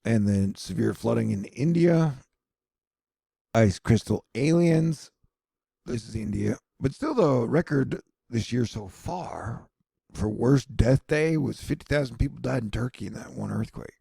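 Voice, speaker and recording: A man's voice: mid-range voice, expressive, normal speed, vocal fry, warm tone, slightly rough, no room sound. A man giving casual, rambling news commentary with sardonic, self-mocking asides.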